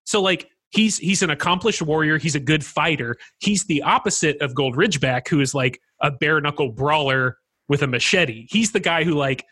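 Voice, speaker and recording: A man co-hosting a podcast in casual chat, an animated storyteller who acts out quoted lines. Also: on the high side, moderate pace, slightly rough. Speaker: podcast co-host.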